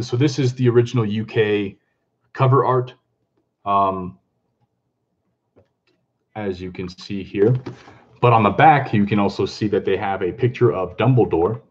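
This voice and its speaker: Man, chatty live-stream host, excitable, laughs a lot, lowish voice, dull lo-fi sound. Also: breathy edge. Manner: excitable and chatty, greets viewers, laughs often. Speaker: comic book vlogger hosting a live stream. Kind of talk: casual live-stream chat.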